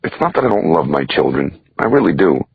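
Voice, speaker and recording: A man's voice: extremely low pitch, very animated, brisk, gravelly, slightly rough, no room sound. A man reading a crime thriller audiobook aloud in a wry first-person storytelling manner. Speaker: audiobook narrator. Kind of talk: scripted audiobook narration. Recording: dull dry lo-fi recording.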